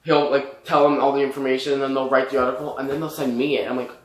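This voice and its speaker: A young man co-hosting a casual chat, chatty and quick to interject. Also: mid-range voice, level tone. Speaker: co-host. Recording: echoey room with faint music.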